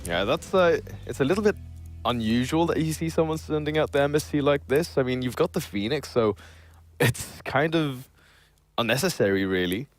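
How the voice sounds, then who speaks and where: Man, esports caster, dry deadpan wit, analytical commentary, faint background music. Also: mid-range voice, moderate pace. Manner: dry joking banter, then steady analysis. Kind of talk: play-by-play game commentary.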